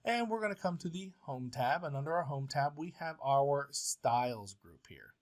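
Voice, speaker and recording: A man's voice: on the high side, expressive, moderate pace. A male professor walking through a word processing tutorial step by step, patient and plain, with frequent filler sounds. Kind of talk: software tutorial walkthrough.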